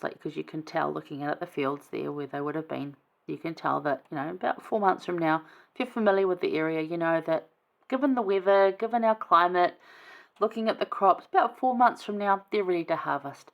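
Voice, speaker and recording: Low, gravelly woman explaining scripture. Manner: chatty, informal, reads verses then explains them. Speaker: Bible study vlogger. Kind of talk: casual scripture commentary.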